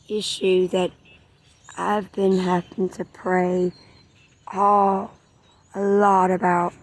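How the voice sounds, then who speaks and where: Slow, low-voiced woman vlogging. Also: a little mellow. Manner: earnest, repeats phrases, drops to whispers. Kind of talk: emotional faith-sharing vlog.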